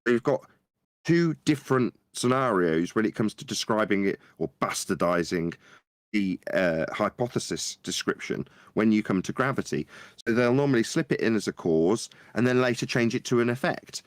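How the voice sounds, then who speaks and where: Male panelist, low voice, dry close mic, lively storyteller. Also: normal speed, dry recording. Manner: animated storytelling, acts out quotes in a high voice. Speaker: podcast panelist. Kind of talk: casual chat.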